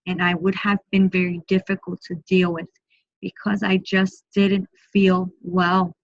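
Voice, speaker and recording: A woman working as a medium, giving an online group reading in a soft, slow, repetitive way and often speaking in first person for the spirit. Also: fairly low pitch, little pitch movement, dull audio.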